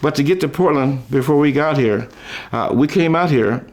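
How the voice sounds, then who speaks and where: An older man tells stories from his past in a loose, rambling way, chuckling between thoughts and often starting a phrase over. His voice sits at an ordinary middle pitch, and it jumps up high whenever he mimics someone else. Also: normal speed. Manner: chuckling, folksy, trails off and restarts; raises his voice high when quoting others. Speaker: musician recalling his life. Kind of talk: rambling storytelling.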